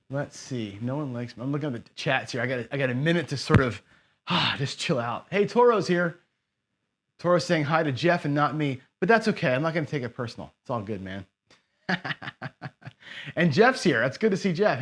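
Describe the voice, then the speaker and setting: A man's voice: mid-range voice, fairly bright tone. A man giving casual running commentary as he plays a dice game on a live stream, chatting to his viewers. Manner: chatty, talks to himself and chat viewers. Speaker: craps streamer.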